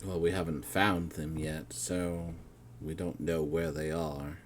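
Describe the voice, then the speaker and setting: A man narrating a tabletop game as game master, in a relaxed, chuckling way. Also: very deep voice, slow, noisy background.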